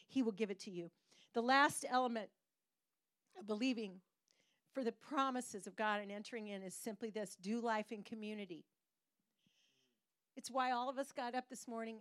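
Middle-aged woman pastor preaching, storytelling, bit higher voice, lively. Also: clean tone, no echo. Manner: storytelling, animated, pauses for emphasis. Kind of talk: sermon.

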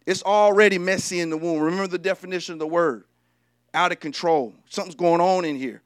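Male preacher, high voice, lively humorous sermon, dry close-miked sound. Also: brisk, smooth, no echo. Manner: lively, humorous, talks directly to the congregation.

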